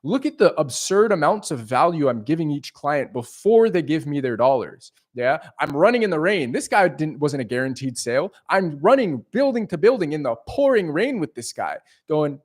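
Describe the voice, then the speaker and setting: A man's voice: a little high, very animated, normal speed, few pauses. A man talking on a live stream, emphatic and full of swearing, with many repeats and restarts as he makes his point. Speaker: leasing agent and live streamer. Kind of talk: casual live stream monologue.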